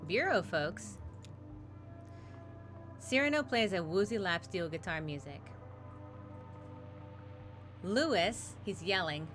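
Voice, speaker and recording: A woman's voice: on the low side, lively intonation, slow pace, pauses often, a bit bright, faint music behind. A woman streaming a game, reading its text aloud with casual asides.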